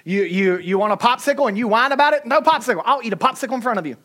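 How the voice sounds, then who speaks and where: A woman with a Southern US accent preaching a sermon, emphatic and humorous, swinging between loud and soft. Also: a little high, lively intonation, rapid-fire. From Southern United States.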